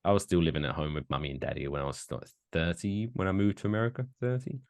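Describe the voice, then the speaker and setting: A man's voice: deep voice, fast talker, dry recording. A man, co-hosting a casual podcast with jokes and swearing. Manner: animated, swearing, jokey. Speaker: podcast co-host.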